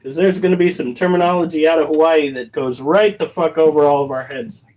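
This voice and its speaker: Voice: medium pitch, fairly quick, a little mellow. A livestreamer chatting casually while reading chat, swearing a lot and sounding incredulous. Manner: profane, incredulous, rambling.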